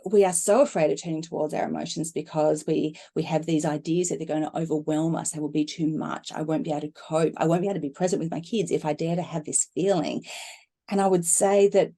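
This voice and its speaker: A middle-aged woman speaking as a guest in a conversational talk, animated and laughing as she acts out inner voices. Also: deep voice, a little fast. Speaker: guest speaker on emotional healing.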